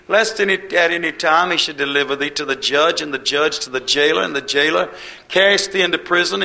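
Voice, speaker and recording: A preacher man with a high, gravelly voice and a bright, forceful edge. He preaches in a folksy, homespun way, full of dialect and little quoted voices. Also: low-quality recording. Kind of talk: sermon.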